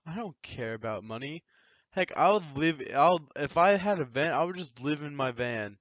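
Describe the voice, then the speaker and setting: A man's voice: medium pitch, normal speed, dry recording, dull audio. A teenage young man casually telling enthusiastic, rambling stories into a microphone as a channel host. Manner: animated, enthusiastic, rambling storyteller. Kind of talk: casual storytelling chat. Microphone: desk microphone.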